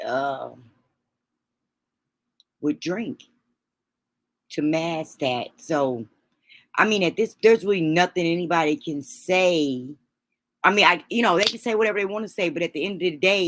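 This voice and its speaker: Low-voiced grieving woman, halting talk. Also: a bit bright. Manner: grieving, halting, many pauses and restarts. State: sniffling, holding back tears. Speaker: livestream host. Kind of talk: emotional livestream talk.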